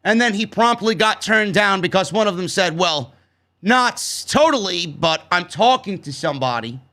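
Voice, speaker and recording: High, bright-voiced man recapping wrestling. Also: expressive, moderate pace. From New York. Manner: blunt, profane and sarcastic. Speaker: wrestling show reviewer. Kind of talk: casual recap commentary.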